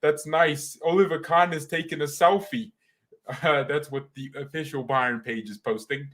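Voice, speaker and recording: An excitable man hosts his fan vlog with a fairly high voice. He rambles and laughs between thoughts, swinging from gushing to dismissive. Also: normal speed. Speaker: fan channel host.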